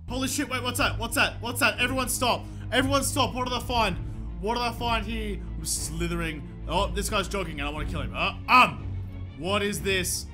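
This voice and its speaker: A young man giving excitable gameplay commentary, swearing often and breaking into shouts when thrilled. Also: high-pitched, moderate pace, faint music behind. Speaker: gaming video host.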